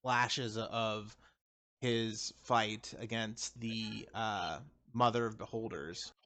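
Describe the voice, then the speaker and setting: A man playing a tabletop game, describing his character's actions with filler pauses. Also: fairly low pitch, steady tone, fairly bright tone. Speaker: player.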